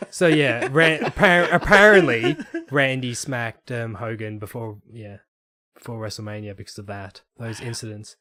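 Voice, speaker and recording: A man's voice: mid-range voice, moderate pace, bright, forceful tone. A young man, a podcast guest, telling stories in a casual chat with easy laughs. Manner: storytelling, laughs into impressions.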